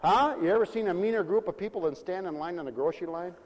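A man's voice: high-pitched, fast, darkish tone, long reverb tail, dull audio, a little hiss or hum. A man preaching a folksy sermon, playful and sing-song, acting out little everyday scenes.

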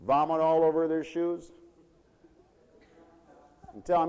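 A man preaching a sermon with animated, folksy storytelling. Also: fairly high pitch, slow, clear, resonant tone, big-room sound.

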